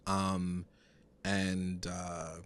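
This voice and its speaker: A man's voice: deep voice, monotone, extremely slow, fairly bright tone, dry recording. A man co-hosting a podcast, recapping a TV episode in casual chat, rambling and full of fillers. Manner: rambling, filler-heavy, retells scenes. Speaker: podcast co-host.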